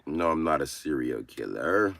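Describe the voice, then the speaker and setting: A man hosting a casual livestream, brash and profane as he roasts his chat, with sudden bursts of yelling. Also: a bass voice, animated, moderate pace, creaky, no room sound. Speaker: livestream host.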